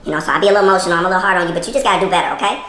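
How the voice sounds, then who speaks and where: A man plays a quick-tempered wife in a comedy skit, loud-mouthed and dramatic. The voice sits high and races along. It is recorded in a roomy, echoing space. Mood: apologetic. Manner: brash, scolding, rapid-fire and dramatic. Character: sassy demanding wife, adult woman, quick-tempered. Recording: echoey room.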